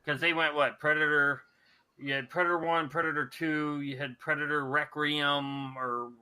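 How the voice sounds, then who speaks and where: A man's voice: a little high, little pitch movement, normal speed, bright, forceful tone, clean tone, rough recording. A man hosting a talk radio show, rambling and profane, with lots of restarts and fillers. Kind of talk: casual crude talk radio banter.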